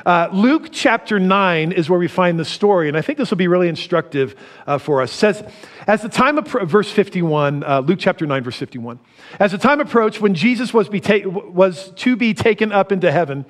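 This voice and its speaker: A middle-aged man preaching a sermon, animated, laughing often and swinging from loud to soft. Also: sits high, fairly quick. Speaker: pastor.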